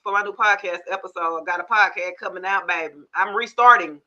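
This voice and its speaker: A woman hosting a tarot live stream in casual chat. She is frank, animated and cusses freely, often turning to her viewers for agreement. Her voice is very bright, and the recording sounds dull and lo-fi. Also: fairly low pitch, fast. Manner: animated storyteller, frank and cussing, asks the audience for agreement.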